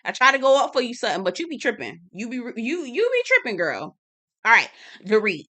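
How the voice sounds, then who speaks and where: Sassy woman with a bright voice. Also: fairly high pitch, a little fast. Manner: sassy, calls viewers "y'all" and "girl"; laughs and teases, animated. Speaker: reality TV recap host. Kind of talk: chatty commentary video.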